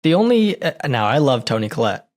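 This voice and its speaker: A man's voice: medium pitch, very animated, a little fast, darkish tone. A man co-hosting a podcast, chatting casually and earnestly retelling movie scenes. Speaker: podcast co-host. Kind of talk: casual movie review chat.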